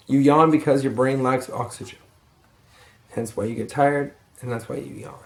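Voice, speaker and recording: Brief: weary young guy, mid-pitch, casual and cursing, roomy home echo. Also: fairly even intonation, normal speed. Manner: rambling, profane, yawning and sighing. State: tired. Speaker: vlogger, lumber yard crew lead. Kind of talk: rambling casual advice vlog. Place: room at home.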